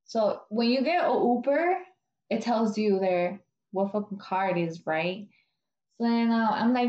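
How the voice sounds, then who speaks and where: A woman's voice: mid-range voice, expressive, measured pace, a little mellow. A young woman in casual chat, bluntly retelling workplace drama with lots of swearing and fillers. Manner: blunt, profane, full of "like" and "dude". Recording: roomy, dull, lo-fi with faint hiss.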